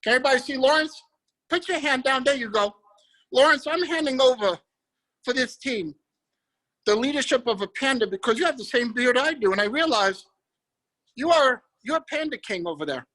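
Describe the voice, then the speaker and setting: A man leading a guided visualization on a group video call, energetic and emphatic, repeating his phrases. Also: very high-pitched, moderate pace, rough recording. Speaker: motivational speaker.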